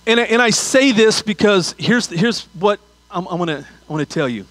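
A man's voice: sits high, expressive, normal speed, fairly bright tone, no echo, rough recording. A man preaching a sermon as pastor, telling a funny story with asides before turning to scripture.

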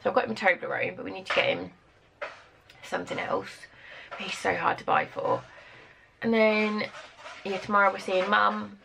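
A British woman talks casually to her camera at home, rambling from one chore to the next in quick asides. Her voice has a gravelly, creaky edge and sits at an ordinary middle pitch. She sounds worn out and tired. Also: flat delivery, background noise. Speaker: vlogger. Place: home, indoors.

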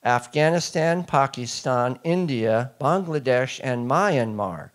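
A man's voice: medium pitch, expressive, takes it slowly. A man giving a public talk, emphatic and quizzing the audience with questions. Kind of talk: public lecture to a live audience.

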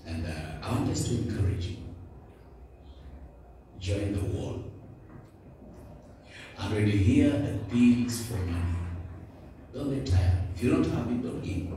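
A man's voice: medium pitch, dark tone. A man with a Kenyan accent giving a church testimony, urging the congregation and calling for their responses. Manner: exhorting, call-and-response with the congregation. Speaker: church speaker, not a preacher. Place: church building. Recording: echoey church from a distance with background noise.

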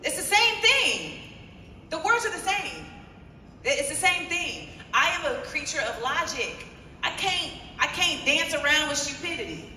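A woman telling a story on a conference stage, sharp, emphatic and wry. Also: high voice, very animated, unhurried. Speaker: co-host on stage. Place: large conference hall stage. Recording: echoey hall, far from mic, crowd noise.

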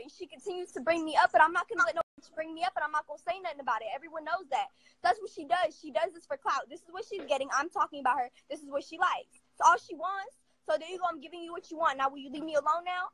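A woman ranting to camera in a confrontational, profane, rapid-fire way. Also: high voice, a bit bright, no room sound, rough recording. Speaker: vlogger. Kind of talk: angry casual rant to camera.

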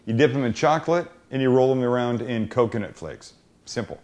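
A man's voice: mid-range voice, a little fast, noisy background. A man hosting a cooking show, chatting and joking with guests while he works out a recipe aloud. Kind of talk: casual cooking chat.

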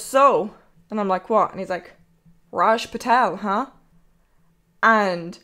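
Rambling, foul-mouthed young Irish woman. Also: on the high side. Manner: rambling, swears freely. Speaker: streamer. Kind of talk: casual stream chat.

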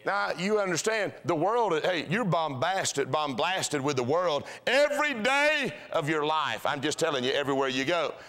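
A man's voice: on the high side, big pitch swings, moderate pace, hardly any pauses, fairly bright tone. A man preaching a sermon in a church, folksy and storytelling, with repeated rhythmic phrases. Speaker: pastor. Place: church sanctuary.

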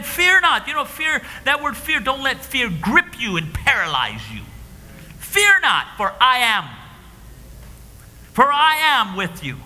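A man preaching a sermon, swinging between hushed whispers and shouted declarations, recorded live in a church. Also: very high-pitched. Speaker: pastor. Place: church sanctuary. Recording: live church stream with long hall reverb.

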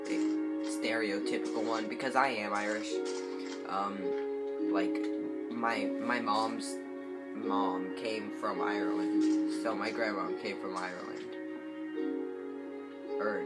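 A man who is sick, giving rambling, hesitant gameplay commentary into a phone mic. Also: fairly low pitch. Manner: rambling, hesitant, many fillers. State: sick, congested voice. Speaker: gameplay channel host. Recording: guitar music playing behind. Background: guitar music.

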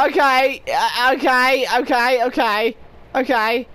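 A young woman commenting on her gameplay, swearing and bursting into loud excited outbursts. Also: a little high, normal speed. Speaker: gaming video creator. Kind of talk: let's play commentary.

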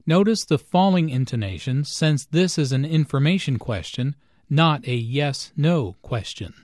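A man narrating a scripted English lesson, explaining each point slowly and deliberately. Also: on the high side, lively intonation, a little mellow, no room sound, studio quality. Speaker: English teacher.

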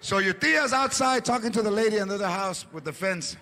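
Animated stand-up comedian. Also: male voice, sits high, fast talker, a little hiss or hum. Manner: animated storytelling with Spanish asides. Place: theater stage before a live audience. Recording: live stage with loud crowd.

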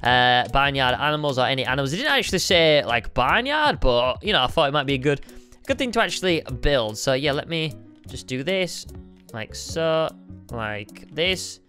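An upbeat young man commentates his own gameplay, chatting to viewers as he builds. His voice sits a little high for a man. Faint music plays under him. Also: very animated, brisk, sharp tone. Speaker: gaming video host. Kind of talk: game commentary.

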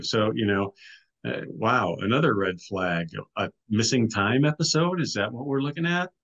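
A man's voice: lowish voice, lively intonation, normal speed, fairly bright tone, muffled recording. A middle-aged man telling a story casually as a guest on an interview show, with frequent restarts and "you know"s. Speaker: podcast guest, author and filmmaker.

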